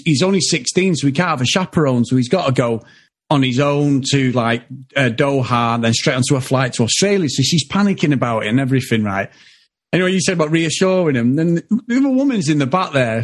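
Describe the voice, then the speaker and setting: A man's voice: fairly high pitch, slightly rough. A man co-hosting a podcast, telling a funny story with lots of swearing and laughter. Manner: animated anecdote, heavy swearing, laughing. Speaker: podcast co-host. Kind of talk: casual chat.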